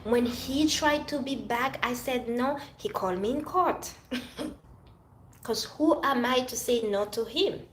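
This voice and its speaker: Speaking slowly in a fairly high voice, this Haitian vlogger tells the camera about her past relationship. The recording is reverberant with a faint hiss or hum, and her delivery is insistent, sermon-like, and full of repetition.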